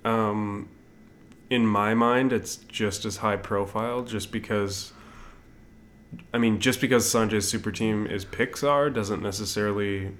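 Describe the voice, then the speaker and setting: A man in a casual awards chat, arguing his predictions in a measured way with frequent hedges. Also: on the low side, steady tone, fairly bright tone, slight background noise. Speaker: podcast co-host.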